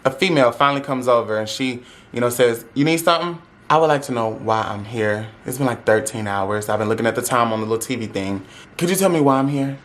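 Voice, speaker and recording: A man's voice: mid-range voice, fast talker, fairly bright tone. A young man speaking tells a dramatic, sassy story to his audience, acting out every voice in it. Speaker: vlogger telling a story. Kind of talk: animated storytime.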